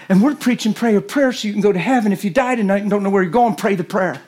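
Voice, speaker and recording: A man, preaching as a guest speaker in a folksy storytelling way that rises to shouted emphasis. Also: high voice, fast talker, hardly any pauses. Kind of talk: sermon.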